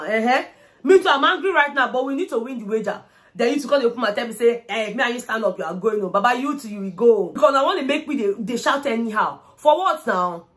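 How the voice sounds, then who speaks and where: A young woman with a Nigerian accent giving an animated, casual recap of a reality show. She switches freely between English and Pidgin and acts out what people said. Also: fairly high pitch. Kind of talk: casual commentary.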